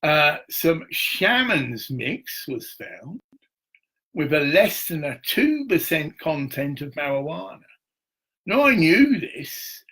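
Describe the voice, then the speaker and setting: Gravelly, husky man ranting. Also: fairly high pitch, a bit bright. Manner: profane, aggrieved, restless. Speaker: livestreamer. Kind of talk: rambling live-stream monologue.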